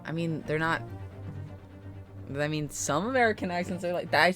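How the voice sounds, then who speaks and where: A woman's voice: low-pitched, moderate pace, a bit bright, faint music behind. A woman streaming a game, chatting casually, self-deprecating and swearing freely. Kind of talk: casual chat while playing a game.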